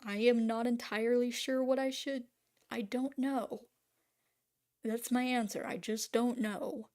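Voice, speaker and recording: A woman's voice: fairly high pitch, fairly even intonation, unhurried, darkish tone. A woman ranting casually on camera about making art, rambling and swearing, full of restarts and trailing fillers. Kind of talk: casual spoken rant.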